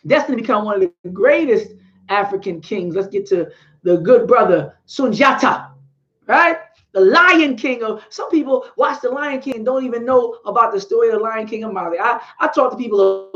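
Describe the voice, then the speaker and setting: A woman hosting a live stream, chatting with viewers and talking through history in a casual, animated way. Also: mid-range voice, moderate pace, lo-fi sound.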